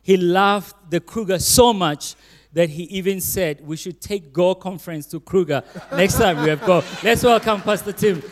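A man's voice: high-pitched, normal speed. A man hosting a church service, reading out a guest's bio with teasing asides. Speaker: church host introducing the speaker. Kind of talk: reading a speaker introduction. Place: church auditorium. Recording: long hall reverb.

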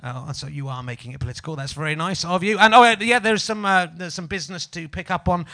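A Yorkshire-accented man hosts a live comedy podcast, rambling, swearing and teasing the audience. He's a stand-up comedian and podcast host whose voice is fairly high, quick and sharp.

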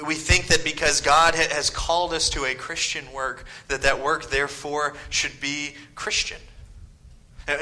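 A man preaching a sermon as pastor, swinging from loud emphasis to hushed whispered lines and firing off mocking rhetorical questions. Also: a little high, poor audio.

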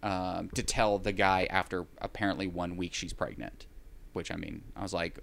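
A man's voice: low voice, fairly even intonation, moderate pace, gravelly, a bit bright. A man in casual chat, recapping a film in a rambling way with wry, sarcastic asides.

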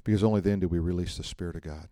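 Animated man teaching a church class. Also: low-pitched, rapid-fire, dry recording, clean studio sound. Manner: animated storytelling, acts out quotes, asks the room questions. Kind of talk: conversational sermon.

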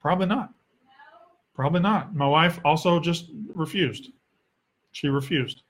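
A young man with a Southern US accent speaks at a measured pace, pausing often, his voice on the high side. As the host of a casual solo sports Q&A podcast, he is blunt, sarcastic, and profane.

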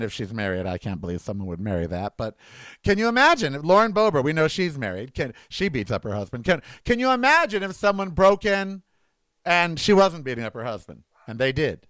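Man, vlogger at home, slightly high pitch, dry close sound, indignant rambling commentary. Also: big pitch swings, normal speed, fairly bright tone, clear, resonant tone, no room sound. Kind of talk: casual political commentary.

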